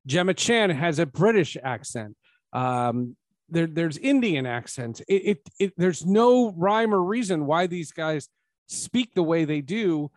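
Animated man hosting a podcast. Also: on the high side, a little slow, dry recording. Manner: animated, rising to emphatic points. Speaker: podcast host. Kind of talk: casual film review chat.

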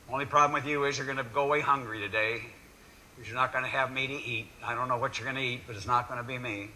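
A male preacher voicing the prophet Daniel, calmly telling hungry lions they will not eat him. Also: mid-range voice, a little hiss or hum, pitched below the performer's own voice, low-quality recording.

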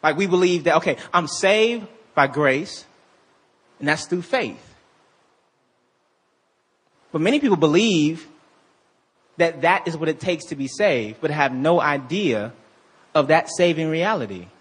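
Male pastor, preaching style, husky and high-pitched, animated delivery with slow scripture reading and call-and-response with the crowd. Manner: calls out to the congregation for responses. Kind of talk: sermon.

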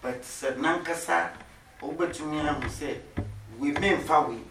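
A man talking reflectively in casual chat, halting and repeating key phrases. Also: fairly high pitch, vocal fry. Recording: distant mic in an echoey noisy room.

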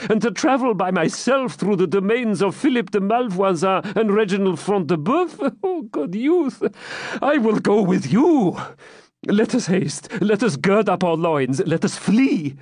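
A man voicing a frightened old moneylender who begs in a high, trembling voice. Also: darkish tone, dry recording, studio quality, full character voice.

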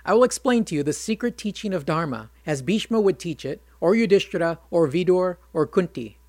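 A narrator voicing a calm, wise divine counselor who patiently lectures. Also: medium pitch, brisk, no echo, close to an everyday voice. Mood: lecturing.

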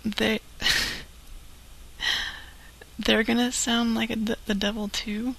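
Soft-spoken woman with a gravelly edge. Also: fairly high pitch, wildly swooping pitch, extremely slow, pauses often, slight background noise, low-quality recording. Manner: soft-spoken, hesitant, short replies. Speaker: co-host of a live prank-call stream. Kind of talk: casual live-stream chat.

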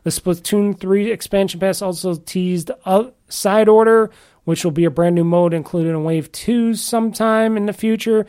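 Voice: mid-range voice, normal speed, warm tone, clear, resonant tone. A podcast host in a casual solo chat about games, rambling and often restarting sentences, with an offhand, mildly grumbling manner.

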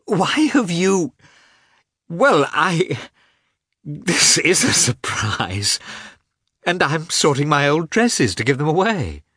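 A man's voice: fairly low pitch, huge pitch swings, normal speed, long pauses, fairly bright tone, slightly rough, no echo, studio quality, heavily acted. A man reading an audiobook, voicing an anxious, loving young woman who exclaims breathlessly. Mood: surprised joy. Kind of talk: audiobook character voice.

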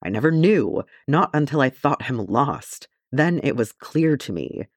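A soft-spoken, devoted male elf, read by a man in an audiobook speaks earnestly and grows insistent about what he feels. The voice rises and falls in a lively way. It is recorded close and dry. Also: mid-range voice, a little slow, no echo, voice pushed up. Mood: impassioned. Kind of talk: audiobook character reading.

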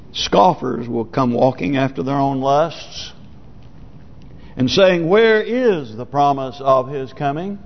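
A male pastor preaching a sermon in a high, gravelly voice. He talks slowly, swinging between loud cries and low murmurs. The recording is dull and lo-fi, with the long reverb of a hall.

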